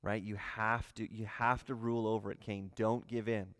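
A man's voice: on the low side, flat delivery, moderate pace, fairly bright tone, clean tone, no room sound, big-room sound. A man teaching a livestreamed Bible study, explaining verses and often asking rhetorical questions.

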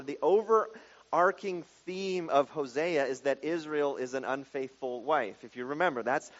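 A man's voice: a little high, big-room sound, lo-fi sound. A man preaching through a Bible passage verse by verse, explaining it in a casual, conversational way with frequent asides. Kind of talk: bible teaching sermon.

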